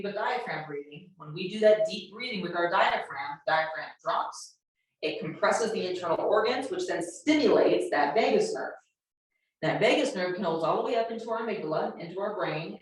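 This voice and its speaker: A woman presenting an earnest workshop talk to educators, repeating phrases for emphasis. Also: on the low side. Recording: echoey room, voice from far off the mic.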